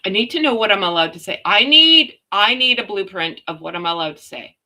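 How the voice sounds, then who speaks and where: A Canadian woman hosting a casual live chat from home, chatty and quick to laugh as she talks to her viewers and her dogs. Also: medium pitch, lively intonation, bright, forceful tone. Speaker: livestream host.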